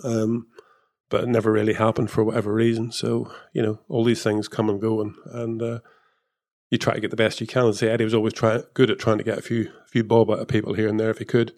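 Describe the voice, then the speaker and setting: Low-voiced man recalling racing days. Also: completely flat delivery, fast, a little mellow. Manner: rambling, with many fillers and restarts. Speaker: former F1 technical director and race engineer. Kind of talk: casual interview chat.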